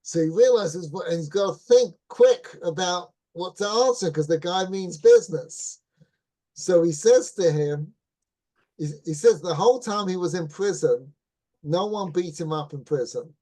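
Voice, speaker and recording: A middle-aged man with a fairly high but mellow voice, teaching as a rabbi. He tells his story loosely, restarts his phrases and keeps asking his listeners "right?" to make sure they follow. The delivery is warm-toned and conversational rather than formal. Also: a little slow. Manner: relaxed anecdotal teaching with restarts. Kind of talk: Torah class storytelling.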